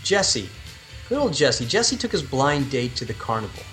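A man's voice: medium pitch, very animated, normal speed, a bit bright, soft background music. A man co-hosting a podcast, chatting casually and telling a joke in a playful way. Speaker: podcast co-host.

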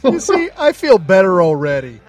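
A man's voice: high-pitched, huge pitch swings, normal speed, faint music behind. A man co-hosting a podcast in a casual, easygoing chat. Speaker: podcast co-host.

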